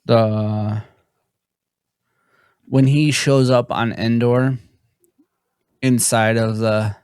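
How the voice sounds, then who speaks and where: A young man co-hosting a podcast, relaxed and easygoing in casual chat. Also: mid-range voice, drawn-out words, clean tone, dry recording, clean studio sound. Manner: relaxed, easygoing, laughs while retelling scenes. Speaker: podcast co-host.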